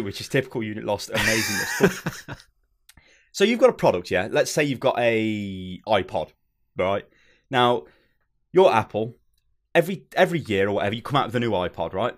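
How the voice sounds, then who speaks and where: A man hosting a casual gaming chat show, joking and swearing as he talks. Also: fairly high pitch. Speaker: host.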